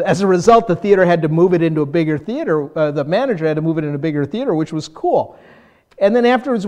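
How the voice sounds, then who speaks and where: A man's voice: high voice, dull audio. Older male pastor preaching conversationally. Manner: conversational, self-deprecating, animated when mimicking. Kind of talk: sermon.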